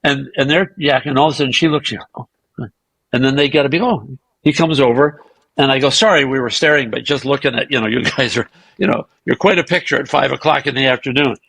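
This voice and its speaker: Man, gravelly voice, husky tone, dry close sound, lively storytelling guest. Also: medium pitch, fast, no room sound, low-quality recording. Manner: animated anecdotes, acting out quoted dialogue; profane and self-mocking. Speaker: podcast guest. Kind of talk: casual storytelling interview.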